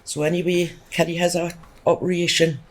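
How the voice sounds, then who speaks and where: A woman's voice: on the low side, level tone, a little fast, low-quality recording. A middle-aged woman, chatting emphatically as a podcast guest and telling a rambling personal story. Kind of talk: casual storytelling.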